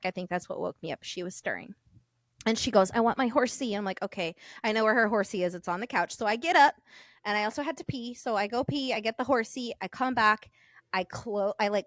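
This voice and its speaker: A woman in her thirties co-hosting a podcast, telling a story in lively, swearing casual chat and acting out the voices in it. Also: mid-range voice, no room sound, clean studio sound. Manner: animated, swearing, acts out dialogue in her story. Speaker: podcast co-host.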